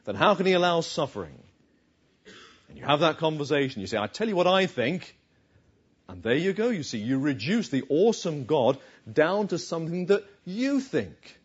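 In a dull lo-fi recording, a man preaches a sermon conversationally, putting questions to his listeners. His voice sits on the high side and sounds husky.

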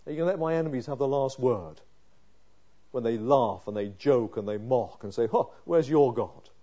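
Reading scripture aloud in a muffled recording, a preacher with a mid-range voice gives voice to the psalmist's prayers at a slightly fast pace. His sermon swings between quiet pleading and loud, passionate emphasis.

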